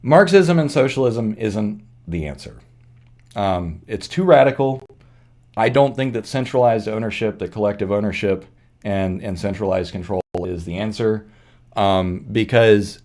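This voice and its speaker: This channel host's voice sits on the low side, a little mellow, at a normal speed. Thinking out loud in an earnest, reflective, unscripted monologue, he often backtracks and fixes his phrasing mid-sentence.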